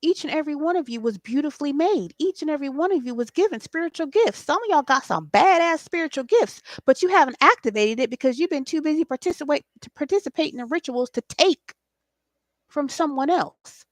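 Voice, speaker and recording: A woman's voice: sits high, animated, fairly quick, no echo. A woman, hosting a spiritual late-night talk in an impassioned, preachy way and swearing freely. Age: 40s. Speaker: spiritual host.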